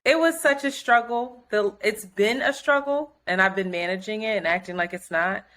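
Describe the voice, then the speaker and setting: A woman co-hosting a podcast, telling a story in casual chat, animated and profane, acting out other people's quotes. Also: mid-range voice, moderate pace. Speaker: podcast co-host.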